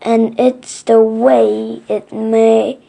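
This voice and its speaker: Woman voicing a sensible little girl, matter-of-fact, slow, gravelly edge. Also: on the high side, level tone, warm tone, exaggerated voice. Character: sensible young girl Jill.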